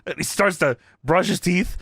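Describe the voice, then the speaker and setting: A man's voice: high voice, normal speed, fairly bright tone, breathy edge, no room sound, studio quality. A man co-hosting a podcast in casual chat, acting out quotes and laughing a lot. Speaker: podcast co-host. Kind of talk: casual retro wrestling review chat.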